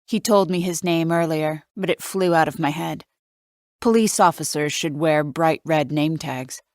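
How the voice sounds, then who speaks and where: Audiobook narrator: woman, low voice, wry and measured first-person read, dry close sound. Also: darkish tone, dry recording.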